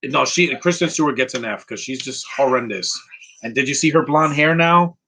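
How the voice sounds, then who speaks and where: A man giving casual live movie commentary, rambling and answering viewers' questions with quick opinions. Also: medium pitch, bright, forceful tone, a little hiss or hum, poor audio.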